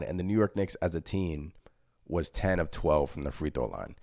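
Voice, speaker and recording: Frustrated low-voiced man ranting about a game. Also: big pitch swings, moderate pace, gravelly, long pauses, darkish tone, no room sound, studio quality. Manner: frustrated, repetitive, emphatic. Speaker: host of a fan postgame show. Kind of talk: casual solo postgame rant reading viewer chat.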